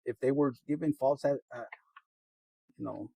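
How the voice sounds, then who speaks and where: A man's voice: medium pitch, moderate pace, vocal fry, dark tone, no echo, poor audio. A man giving a rambling, casual tarot reading, laughing often, swearing freely and slipping into Spanish. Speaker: tarot reader.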